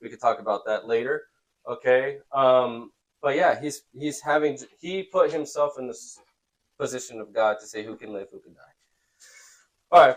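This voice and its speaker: A man teaching a youth Bible class in a relaxed, conversational way, often checking in with the students. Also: medium pitch, normal speed, rough recording.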